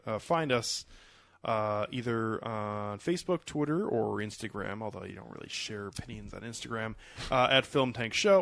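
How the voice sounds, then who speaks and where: Laid-back male podcast host, lively voice. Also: mid-range voice, no room sound. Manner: laid-back, hesitant with many uh fillers. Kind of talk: casual film review chat.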